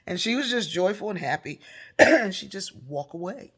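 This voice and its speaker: A woman telling a personal story in a casual, conversational way, sometimes dropping to a soft near-whisper. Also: mid-range voice, big pitch swings, normal speed, slightly rough. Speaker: speaker and author.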